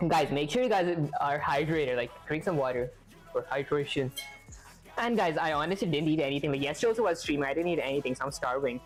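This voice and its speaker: A woman's voice: sits low, expressive, fast, soft background music. Chatty, giggly woman streaming live. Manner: chatty, giggly, thinks aloud and reads viewer comments. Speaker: live-stream host learning to code. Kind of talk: casual live-stream chat while coding.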